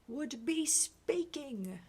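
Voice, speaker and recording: A woman's voice: sits high, lively intonation, drawn-out words, pitched above the performer's own voice, full character voice. A woman whispering as a raging old duke. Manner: blustering, shouting in bursts. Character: stern, furious old duke obsessed with bloodline. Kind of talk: whispered role-play.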